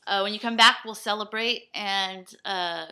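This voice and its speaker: A young woman talking straight to camera in a rambling personal vlog. Her voice is bright and forward, and her speech comes in scattered, self-deprecating bursts. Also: medium pitch, unhurried. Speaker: vlogger. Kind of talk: rambling personal video blog.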